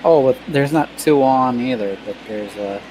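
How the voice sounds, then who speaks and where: A man's voice: mid-range voice, normal speed, darkish tone, rough recording. Easygoing man from Michigan talking baseball. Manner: easygoing, analytical, lists player names. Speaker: color commentator. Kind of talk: casual sports commentary. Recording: clear background noise.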